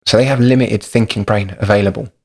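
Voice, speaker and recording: Low gravelly man explaining. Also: steady tone, quick pace, a little mellow. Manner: thoughtful, practical explainer. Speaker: podcast host. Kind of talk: explanatory podcast talk.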